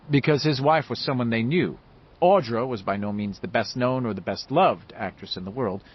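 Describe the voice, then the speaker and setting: A man reading a novel aloud with expressive, varied delivery, in a dull lo-fi audiobook recording. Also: mid-range voice, slightly rough. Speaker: audiobook narrator. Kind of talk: scripted novel narration.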